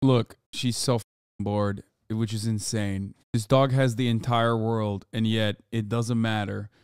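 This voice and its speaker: Profane, ranting man streamer, clear voice. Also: lowish voice, measured pace, no echo, studio quality. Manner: profane, animated, ranting at chat. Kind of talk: casual live-stream commentary. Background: dogs barking.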